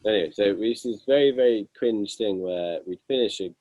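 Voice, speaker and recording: A young man with a husky voice, telling self-deprecating band stories with lots of fillers in a casual interview. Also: fairly low pitch, brisk, mellow, a little hiss or hum, rough recording. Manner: self-deprecating, amused, rambling with many fillers. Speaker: guitarist guest.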